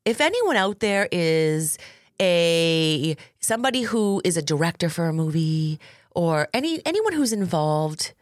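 A woman with a Massachusetts accent, co-hosting a true crime podcast in a casual chatty way. Her pitch sits a little low but swings around a lot as she talks. The sound is dry and close to the mic. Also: big pitch swings, a little slow, dry recording. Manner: chatty, reads articles aloud with asides. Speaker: podcast co-host.

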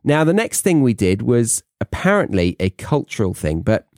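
A man's voice: medium pitch, sing-song, normal speed, a little mellow, dry recording, studio quality. A young British man hosting a podcast for English learners, telling a story in a chatty, self-mocking way with rambling asides. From England. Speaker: podcast host. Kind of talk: casual monologue for English learners.

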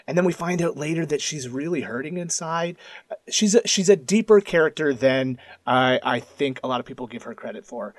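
A man's voice: on the high side, expressive, fairly quick, dry recording. A man on a podcast panel, speaking enthusiastically with some stammered starts. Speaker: podcast co-host. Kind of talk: casual chat.

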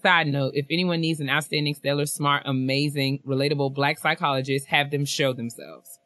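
A woman co-hosting a casual podcast, reading listener emails aloud with lots of laughter and sudden jumps in pitch when she gets excited. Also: fairly quick, no echo. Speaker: podcast co-host.

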